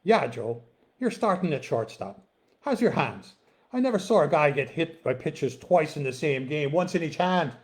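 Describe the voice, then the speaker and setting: A man voicing a chummy male ballplayer with an Irish accent, calling out loud and hearty. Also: fairly high pitch, expressive, moderate pace, close to an everyday voice.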